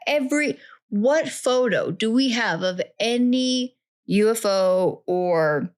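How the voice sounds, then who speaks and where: A woman's voice: a little high, expressive, slow pace. A woman co-hosting a podcast, talking in an emphatic, playful way and arguing her side in casual chat. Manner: emphatic and playful, argues back. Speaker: podcast co-host.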